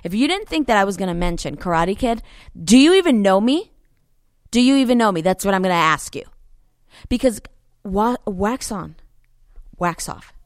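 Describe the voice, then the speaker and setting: A woman co-hosts a ministry show in a casual, lively way, urging listeners to stay faithful. She drives her points home by repeating them. Her voice sits at a middle pitch and is recorded dry and close, with no room echo. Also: moderate pace, long pauses. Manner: animated, exhorting, repeats phrases for emphasis. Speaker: ministry co-host. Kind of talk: casual motivational faith talk.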